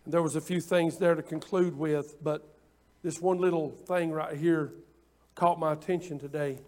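A man preaching a sermon, impassioned and repetitive at times, then dropping into quiet asides. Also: on the high side, fairly even intonation, moderate pace. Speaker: pastor.

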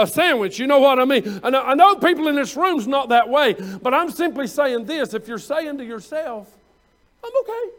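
Male preacher, very high voice, folksy and conversational with loud emphatic peaks. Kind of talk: sermon.

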